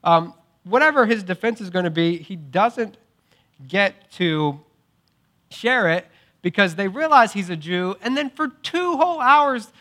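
A young adult man preaching a sermon, telling the story in a casual, animated way with filler words and acted-out quotes. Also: sits high, measured pace. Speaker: pastor.

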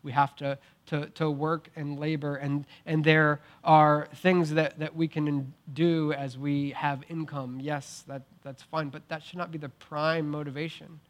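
A young adult man preaching a sermon, telling the story in a casual, animated way with filler words and acted-out quotes. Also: a little high, measured pace, few pauses. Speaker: pastor.

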